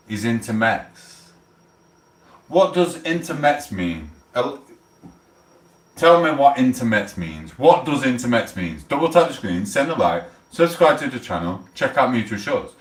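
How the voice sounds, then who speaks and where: A man's voice: fairly low pitch, animated, measured pace, reverberant, recorded from a distance. A middle-aged man from England with a South Yorkshire accent, chatting on a livestream in a blunt, swearing, mock-outraged way. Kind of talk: casual livestream chat.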